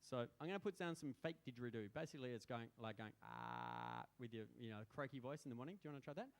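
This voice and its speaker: A man's voice: medium pitch, lively intonation, rapid-fire. A man, a musician chatting playfully between songs at a small live venue. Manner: playful, chatty, self-mocking. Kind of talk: stage banter between songs.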